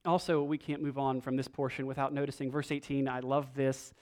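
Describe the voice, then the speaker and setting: A man preaching a sermon, reading scripture aloud and moving between emphatic lines and hushed ones. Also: mid-range voice, little pitch movement, brisk. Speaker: pastor.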